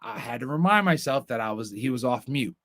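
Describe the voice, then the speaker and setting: A man's voice: mid-range voice, expressive, brisk, fairly bright tone, no room sound, studio quality. A young man hosting a podcast, telling a long story as a profane, ranting storyteller in casual chat. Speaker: podcast host.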